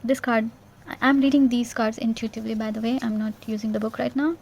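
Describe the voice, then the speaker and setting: A woman giving an intuitive tarot reading in a gentle, reassuring way, repeating herself and checking in with "yeah?". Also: a little high, steady tone, fast talker, vocal fry, a little hiss or hum. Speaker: tarot reader.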